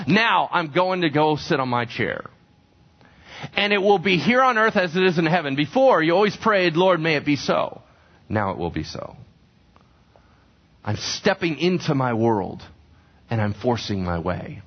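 Animated male pastor preaching. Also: mid-range voice, normal speed. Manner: conversational, asks the congregation questions. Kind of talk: sermon. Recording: dull lo-fi recording.

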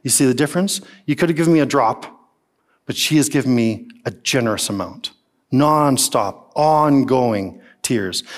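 A male pastor preaching a sermon, animated and emphatic, with many rhetorical questions to the congregation. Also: mid-range voice, measured pace.

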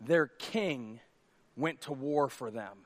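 A male pastor preaching a sermon from a church stage, with a conversational manner that moves from a hush to near shouts. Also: mid-range voice, takes it slowly. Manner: conversational, drops to a hush for acted dialogue, then rises to near shouts.

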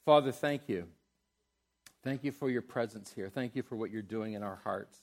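A middle-aged man preaching a sermon as a pastor, moving between loud, emphatic exhortation and soft, tender prayer. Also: fairly low pitch, normal speed.

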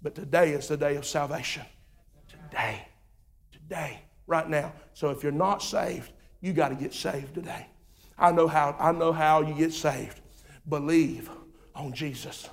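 A high-voiced man preaches with urgent passion, hammering phrases over and over. He climbs to shouts and drops to near-whispers, with soft music faintly underneath. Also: normal speed. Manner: impassioned, repetitive, swings from shouting to hushed. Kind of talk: fiery sermon.

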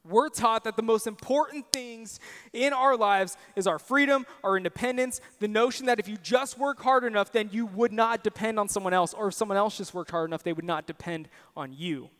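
Young guy preaching, high smooth voice, honest stories about his own faults, church echo. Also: fairly quick, a bit bright. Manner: earnest, personal storytelling with self-deprecating asides. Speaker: pastor. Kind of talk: sermon.

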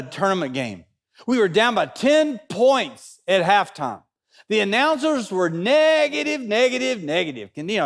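A man, speaking in a fairly high voice. He tells a funny story to an audience, animated and joking, and builds up excitement as he goes. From Kentucky, USA. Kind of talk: humorous storytelling talk.

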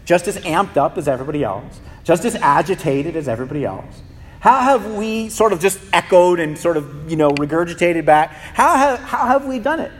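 A man's voice: fairly high pitch, lively intonation, moderate pace, slightly rough, soft background music. A male pastor giving an impassioned sermon in a church, often repeating words as he builds a point. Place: church sanctuary. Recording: reverberant hall.

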